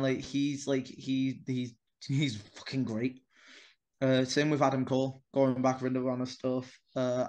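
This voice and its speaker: A young man spins a story on a podcast, acting out each exchange with plenty of swearing. His voice sits in an ordinary middle register. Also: medium pitch. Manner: animated, swears freely, acts out dialogue. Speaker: wrestler guest.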